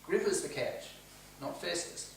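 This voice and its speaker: A man's voice: on the high side, lively intonation, moderate pace, a bit bright, heavy reverb. Man, Bible study leader, earnest, quizzes the group, distant mic, faint room hum. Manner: earnest, asks the group questions. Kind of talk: interactive Bible teaching. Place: home church room.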